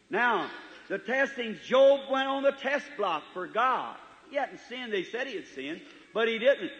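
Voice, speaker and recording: A man preaching a sermon in a church hall, folksy in manner, swinging from loud to soft. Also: very high-pitched. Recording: echoey hall, dull 1950s tape recording.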